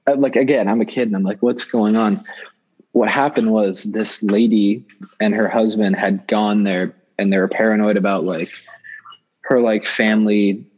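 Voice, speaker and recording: A young man tells a story in a slightly low voice. He rambles, piles on fillers and keeps restarting sentences as he goes. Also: a little mellow, dull audio. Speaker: guest storyteller. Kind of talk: casual storytelling.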